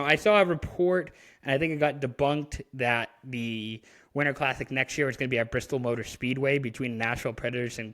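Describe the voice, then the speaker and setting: A man's voice: medium pitch, a bit bright. Rambling man talking sports on a podcast. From Canada. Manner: rambling, frequent fillers and restarts. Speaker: podcast co-host. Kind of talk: casual sports chat.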